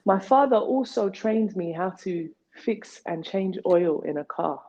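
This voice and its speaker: A woman's voice: on the low side, expressive, measured pace, dark tone. A woman from Nigeria, an artist being interviewed, talking in a playful, tangential way full of wordplay. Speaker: artist guest. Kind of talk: rambling interview talk. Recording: dull lo-fi recording.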